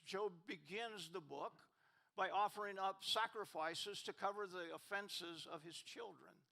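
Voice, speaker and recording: Bright-voiced preacher man, rising emphatically. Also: high-pitched, measured pace, vocal fry. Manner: rises and swells when reading scripture questions. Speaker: pastor. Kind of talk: sermon. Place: church sanctuary.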